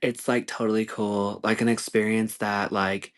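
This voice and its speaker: A man's voice: on the low side, flat delivery, normal speed, close to an everyday voice. A man doing a ditzy pop star woman. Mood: gushing. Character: airheaded female pop star.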